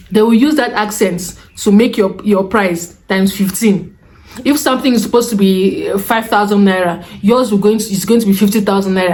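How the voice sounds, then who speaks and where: A young woman with a Nigerian accent giving advice in a casual vlog from a room at home, animated and chatty with Pidgin asides. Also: medium pitch. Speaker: vlogger. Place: room at home with the windows closed.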